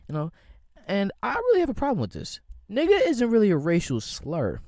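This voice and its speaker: Speaking fast in a high-pitched voice with huge pitch swings and a darkish tone, a young American podcast host rants on his own. The clean studio recording has no echo, and his style is casual, rambling, slangy, and profane.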